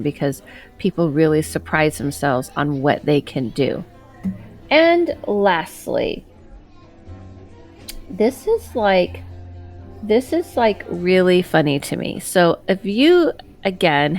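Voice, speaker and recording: Middle-aged woman host, lower-pitched voice, chatty rambling delivery full of fillers and asides. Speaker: psychic medium, channel host. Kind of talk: casual chat to camera.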